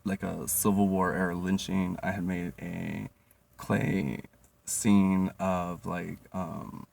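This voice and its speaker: A man's voice: low voice, little pitch movement, takes it slowly, creaky, darkish tone. A young man telling comedic stories casually, rambling with constant fillers, swearing and laughing. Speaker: vlogger. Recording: distant mic, faint noise.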